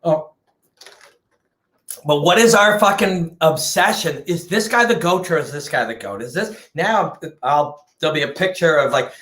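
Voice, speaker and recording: A man's voice: on the high side, lively intonation, normal speed, a bit bright. Passionate, swearing man in an echoey room. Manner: passionate, emphatic, swears freely. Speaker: combat sports analyst and host. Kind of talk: unscripted passionate rant to camera.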